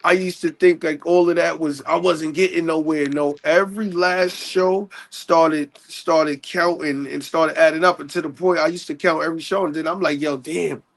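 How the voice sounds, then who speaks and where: Brief: New man, hip hop guest, high and gravelly, animated storyteller. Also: moderate pace, hardly any pauses. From New York. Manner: animated, laughs often, long run-on stories. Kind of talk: casual podcast chat.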